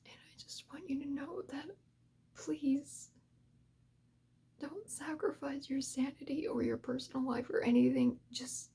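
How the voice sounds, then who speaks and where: A woman's voice: sits high, steady tone, unhurried, vocal fry, warm tone. A woman hosting an ASMR channel gives an earnest, emotional talk to creators and drifts in and out of a whisper. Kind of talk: soft-spoken heartfelt talk to creators.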